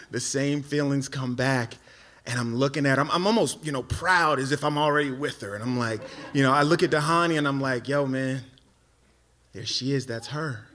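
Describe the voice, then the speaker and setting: A man telling a comic personal story live on a theatre stage, animated and self-mocking, tripping over himself with quick repeats. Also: medium pitch.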